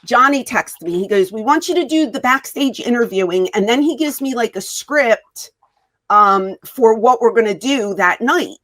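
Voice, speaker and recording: Woman interview guest, higher-pitched, animated storyteller who voices the quotes. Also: moderate pace. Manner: animated, acts out quoted dialogue. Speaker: wrestling guest.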